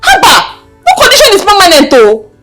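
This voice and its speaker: An actress with a Nigerian accent playing a loud, preachy young woman who scolds and lectures her mother. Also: very high-pitched, huge pitch swings, brisk, exaggerated voice. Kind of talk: Nollywood film acting. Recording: film audio with music score.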